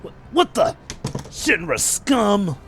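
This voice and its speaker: A man voicing a gruff, brooding young male mercenary in a flat, terse, deadpan way during a game playthrough. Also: high voice, slow, pitched above the performer's own voice, exaggerated voice.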